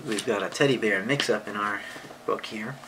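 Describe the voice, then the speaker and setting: A woman's voice: extremely low pitch, noisy background. A woman reading a picture book aloud to a child, stopping to ask questions. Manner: slow, lively storytelling with questions to the child.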